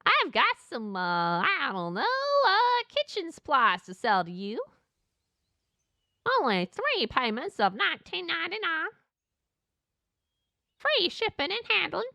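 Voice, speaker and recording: A pushy salesman, put on by a woman streamer, rattling off a sales pitch. The voice is shrill and bright with a gravelly edge, leaping all over the place. It sits close and dry on the mic. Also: wildly swooping pitch, unhurried, pauses often, no room sound, exaggerated voice. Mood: salesy.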